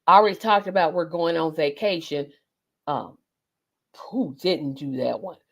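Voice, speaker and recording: A woman's voice: deep voice, unhurried, gravelly. A woman, chatting casually as host in a rambling monologue full of ums and self-corrections.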